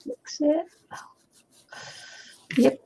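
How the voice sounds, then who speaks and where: A woman's voice: very slow, dark tone, a little hiss or hum. A woman chatting casually while crafting over a video call, hesitant with many fillers. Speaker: craft streamer. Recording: dull lo-fi audio.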